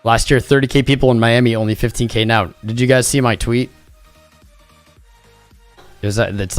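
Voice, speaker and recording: A man's voice: mid-range voice, steady tone, normal speed, long pauses, faint music behind. A tired man hosting a livestream, chatting casually in a rambling, jokey way. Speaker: crypto livestream host.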